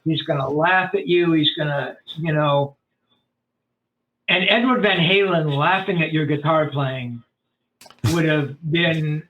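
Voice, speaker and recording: A man telling stories as a podcast guest in a rambling, animated way, full of fillers and restarts. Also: on the high side, a little slow. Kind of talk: storytelling in a casual interview. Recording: tinny phone-like line.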